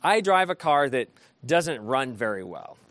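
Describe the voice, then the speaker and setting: A man preaching an interactive sermon, animated and often asking his listeners questions. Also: mid-range voice, measured pace, no echo. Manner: animated, asks the room questions.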